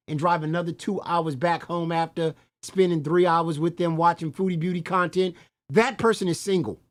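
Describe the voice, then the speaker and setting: A man's voice: sits high, a bit bright. A man commentating on a stream, reacting to clips with scornful, profane disbelief.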